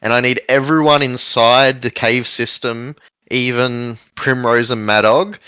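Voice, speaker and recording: Man, game master, tabletop narration, smooth crisp voice, dry close sound. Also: medium pitch, fairly even intonation, measured pace, bright, forceful tone, no echo. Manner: descriptive, with frequent "um" fillers.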